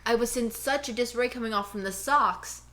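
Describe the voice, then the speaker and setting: A woman with a bright, forceful voice pitched a little high, chatting as a podcast co-host. She rambles through stories with lively energy. She talks into a cheap headphone mic at home. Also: a little fast, a little hiss or hum. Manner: animated, rambling storyteller. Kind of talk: casual chat, ranting.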